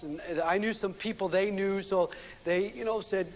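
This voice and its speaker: High-voiced man lecturing in a reverberant hall. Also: steady tone, normal speed. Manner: folksy storytelling with frequent restarts and fillers. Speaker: seminar speaker. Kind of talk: relationship seminar lecture with anecdotes. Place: seminar room with a live audience. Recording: long reverb of a seminar hall.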